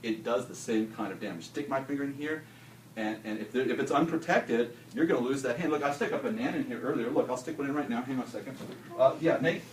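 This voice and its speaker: A middle-aged male teacher talks through a classroom demonstration in an animated, joking way, often restarting his sentences. He is picked up from a distance in a roomy classroom. Some noise sits under the voice. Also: medium pitch, fast talker.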